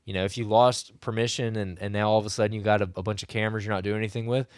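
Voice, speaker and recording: Low-voiced man, slightly hoarse. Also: level tone, racing, dry recording, studio quality. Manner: rambling, coaching tone. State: losing his voice. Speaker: podcast co-host. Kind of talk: casual podcast chat.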